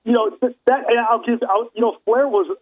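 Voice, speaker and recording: A man's voice: very high voice, steady tone, fairly quick. A man co-hosting a casual wrestling podcast who gives firm opinions with lots of "like" and "you know". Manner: opinionated, many fillers. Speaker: podcast co-host. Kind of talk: casual chat. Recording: husky, phone-like sound.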